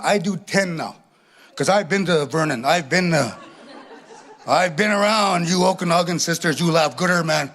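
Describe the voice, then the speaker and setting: A man doing stand-up storytelling at a live venue, animated, ending lines with a questioning "eh". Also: high-pitched. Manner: animated, tag questions with "eh", acts out laughs. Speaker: comedian.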